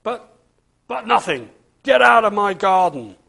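A man voicing a grumpy, bad-tempered storybook character who snaps curt orders in a gruff voice. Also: sits high, big pitch swings, unhurried, sharp tone, exaggerated voice. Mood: snappish.

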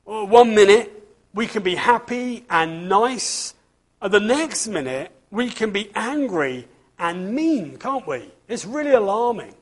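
Husky, slow-talking man telling a story. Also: high voice. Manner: animated storyteller, asks the listeners questions. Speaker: preacher giving a children's talk. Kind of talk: storybook reading and children's talk.

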